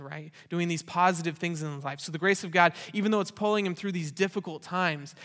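A man's voice: on the high side, fairly bright tone. A man preaching a sermon as pastor, in an earnest, conversational way with rhetorical questions. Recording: long reverb of a large hall.

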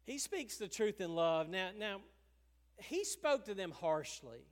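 Man, pastor, sermon, high voice, animated, chuckling, acts out quotes, long church reverb. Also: unhurried.

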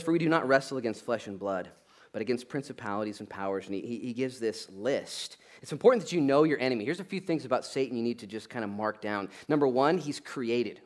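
A medium-pitched male pastor delivers a conversational sermon in an animated, joking style. He hammers his points home with a repeated "okay?" and bursts into loud, acted-out asides.

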